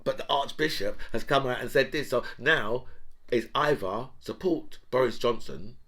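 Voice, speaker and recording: A man's voice: mid-range voice, moderate pace, fairly bright tone. A middle-aged man, ranting sarcastically about politics in casual talk, with mocking laughing asides. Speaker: political commentary host.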